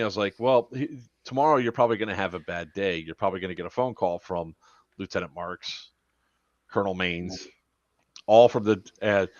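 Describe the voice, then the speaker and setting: A man's voice: fairly low pitch, fairly bright tone, no room sound, lo-fi sound. A man hosting a podcast, telling a story in casual chat, profane and laughing as he goes. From Florida. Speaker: podcast host.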